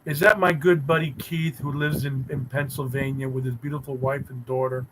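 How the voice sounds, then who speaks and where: A man's voice: medium pitch, flat delivery, normal speed, hardly any pauses, fairly bright tone, slight background noise, poor audio. A man hosting a casual live stream, teasing and bantering sarcastically with his chat viewers.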